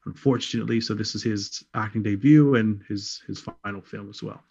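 A low, gravelly, husky-voiced man co-hosts a podcast and talks earnestly about a film he recommends. His mic sounds dull and lo-fi. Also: fairly even intonation, fairly quick, darkish tone. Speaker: podcast co-host. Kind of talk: casual film chat.

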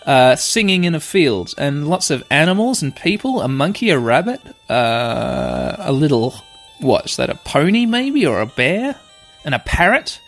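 A young man playing a video game, playfully and excitably narrating what happens and reading the text aloud. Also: on the high side, a little slow, creaky. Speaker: game player. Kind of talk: let's play commentary. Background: faint game music.

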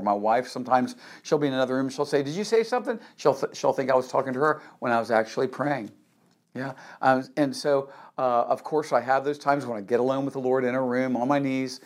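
A man preaching a sermon in an emphatic, repetitive way, often asking the listeners a rhetorical "yes?". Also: medium pitch. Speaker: pastor.

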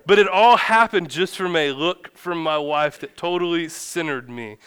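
A man's voice: fairly high pitch, moderate pace, fairly bright tone, smooth. A man in his thirties, a pastor giving a conversational sermon in a church, chatty and self-deprecating, acting out a funny story. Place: church sanctuary.

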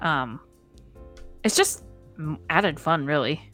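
A woman's voice: low voice, expressive, slow, a bit bright, faint music behind. A woman co-hosting a podcast in casual chat, explaining her point in a matter-of-fact way. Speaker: podcast co-host.

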